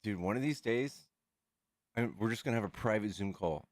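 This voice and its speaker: Guy streaming live, kinda low voice, joking around and annoyed, dry close mic. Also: moderate pace, dry recording. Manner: joking, exasperated, jumps high when excited. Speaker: livestream host. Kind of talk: casual livestream debate chat.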